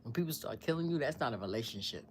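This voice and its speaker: Woman, sixties, storytime vlogger, devout, rambling, hushed at times. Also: rumbling low, expressive, fast talker, slight background noise. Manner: rambling, searching for words, drops to a hushed near-whisper; earnest and devout. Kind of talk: emotional personal storytime.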